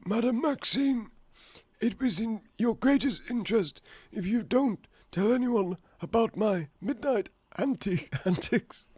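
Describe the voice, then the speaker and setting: A man's voice: sits high, unhurried, darkish tone, slightly rough, no echo, pitched above the performer's own voice. A man voicing a scheming male headmaster speaking in a mock-formal, conspiratorial way.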